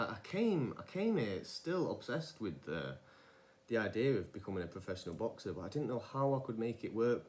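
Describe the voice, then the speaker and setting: A young man talking casually in a podcast-style monologue, rambling and often wandering off track. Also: on the low side. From England. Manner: rambling, digressive, many restarts and fillers. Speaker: vlogger.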